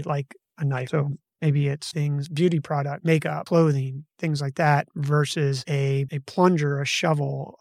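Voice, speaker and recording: A man's voice: on the high side, a little mellow, dry recording, studio quality. A man hosting a podcast, casually walking through a research study from his notes and correcting himself as he goes. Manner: conversational, self-correcting, reads from notes. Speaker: podcast host.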